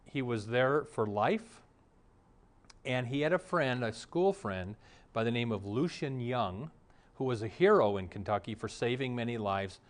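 A man's voice: medium pitch, lively intonation, unhurried. Middle-aged guy pastor preaching, tells stories, acts out the people he quotes. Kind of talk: sermon.

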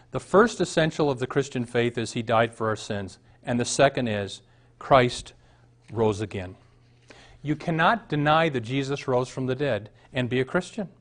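A male pastor, preaching a sermon that moves from storytelling to emphatic outbursts. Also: medium pitch.

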